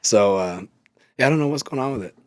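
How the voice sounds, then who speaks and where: A man co-hosting a podcast in casual chat, hoarse from losing his voice, relaxed and laughing often. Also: mid-range voice, fast, no room sound, studio quality. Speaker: podcast co-host and coach.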